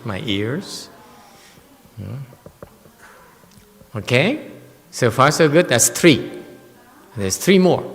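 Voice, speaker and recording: A man's voice: on the low side, fairly bright tone, in a large hall. A man teaching Buddhism in a Dharma lecture, often teasing and chuckling with his listeners. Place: temple hall.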